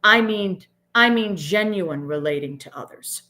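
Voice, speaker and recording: A middle-aged woman speaks in an earnest, emphatic way as a podcast guest. She often ends her points with "right?". Her voice sits at an ordinary middle pitch. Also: lively intonation, measured pace, pushed and bright. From Boston area, US. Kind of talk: reflective interview talk.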